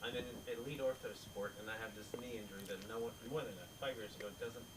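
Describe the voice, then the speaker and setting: A man in the audience at a comedy club, a doctor, chatting casually and telling a story in a hesitant, then lively way. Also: fairly low pitch, quick pace, far from the mic, heavy background noise. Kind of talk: casual anecdote from the crowd.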